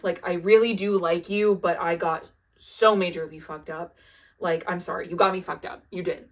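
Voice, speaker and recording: A woman's voice: fairly low pitch, fairly even intonation, moderate pace. A young woman casually recapping a TV plot, chatty and sardonic, with lots of filler words and swearing. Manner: chatty, frequent filler "like", profane and sardonic asides. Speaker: TV recap video maker.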